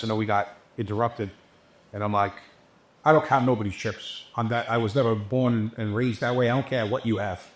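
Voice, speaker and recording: Guy on a podcast telling stories, cussing a lot, mid pitch, roomy sound. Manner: profane, animated, acts out quotes. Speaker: podcast guest, entertainment business owner. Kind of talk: casual interview storytelling. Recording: roomy echo.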